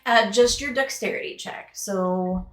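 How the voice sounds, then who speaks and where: Playful woman game master, medium pitch, jokey and casual; roomy echo. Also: a little slow. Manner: playful, joking, casual swearing. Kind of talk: narrating a tabletop game.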